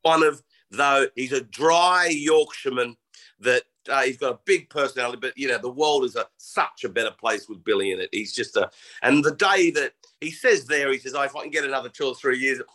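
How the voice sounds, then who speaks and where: A man's voice: medium pitch, a little fast, sharp tone. A man co-hosting a golf podcast, praising a caddie with dry, wry humour. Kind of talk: casual chat.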